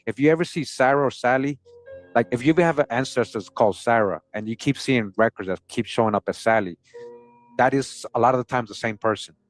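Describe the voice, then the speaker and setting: A man's voice: medium pitch, fast, faint music behind. A man hosting a history channel, casually talking through old sources and often asking his viewers "right?". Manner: conversational, keeps asking "right?", chuckles often.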